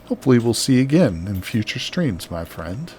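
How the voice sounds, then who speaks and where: A man's voice: mid-range voice, big pitch swings, a little fast, a little mellow, slight background noise. A man chatting casually on a live game stream, reading out viewer messages and laughing often. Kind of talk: casual live-stream chat while building.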